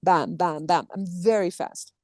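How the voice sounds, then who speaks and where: Woman, expressive storyteller, conversational interview, dry sound. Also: lowish voice, unhurried, no room sound. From France. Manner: animated storyteller acting out quotes, restarts often. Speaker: actor and dub producer. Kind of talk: casual interview chat.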